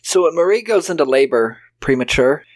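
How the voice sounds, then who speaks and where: A man's voice: a little high, animated, fairly quick. A man co-hosting a podcast, retelling a film's plot in casual chat. He mimics the characters' lines and swears freely. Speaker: podcast co-host. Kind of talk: casual film-recap chat.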